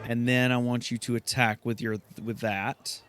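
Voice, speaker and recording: A young man hosting a let's play, casually thinking aloud and reacting excitably. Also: medium pitch, moderate pace, over music. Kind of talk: gameplay commentary.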